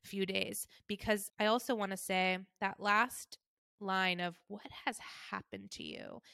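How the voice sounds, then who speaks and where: Thirties woman host, bright tone, wry and soft-spoken, dry studio sound. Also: medium pitch, clear, resonant tone, dry recording. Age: 30s. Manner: wry, conversational, quiet and hurt. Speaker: podcast host. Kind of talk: personal storytelling monologue.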